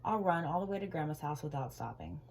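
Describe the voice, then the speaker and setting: A woman reading aloud, voicing a sweet, cheerful little girl in a red hood with bright, eager exclamations. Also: low voice, animated, fast talker, slight background noise.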